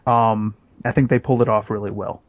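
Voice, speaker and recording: A man's voice: on the low side, little pitch movement, a little fast. A man co-hosting a casual film discussion podcast, blunt and profane. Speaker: podcast co-host. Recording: dull lo-fi audio.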